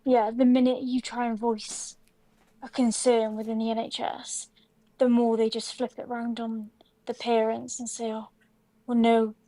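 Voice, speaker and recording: Brief: woman, high mellow voice, flat delivery, dry sound. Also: measured pace, dry recording, low-quality recording. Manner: agreeing, supportive short replies. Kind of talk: live debate chat.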